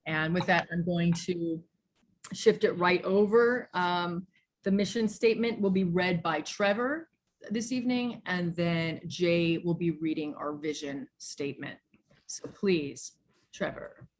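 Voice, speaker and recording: A woman's voice: lowish voice, unhurried. A woman pastor leading an online church service over a video call, speaking earnestly and giving thanks to supporters. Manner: earnest, preacherly, thanks people by name.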